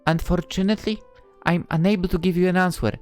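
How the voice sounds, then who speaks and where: A woman voicing a fairy godmother, explaining things in a measured, formal way. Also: lowish voice, fairly even intonation, darkish tone, soft background music, natural voice.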